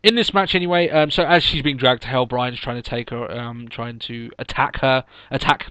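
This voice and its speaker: A man's voice: mid-range voice, steady tone, normal speed, bright, forceful tone, clean tone, no room sound, low-quality recording. A man with a mid-range voice co-hosts a casual chat podcast. He rambles with fillers and laughs often. The sound is close and dry, with little room. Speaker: podcast co-host.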